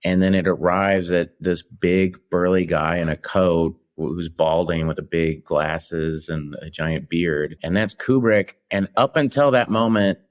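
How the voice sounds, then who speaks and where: A man, an actor, chatting in an interview, telling lively stories with quick impressions. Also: sits low. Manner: lively storytelling with impressions and laughs. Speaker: actor guest. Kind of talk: anecdotal interview chat.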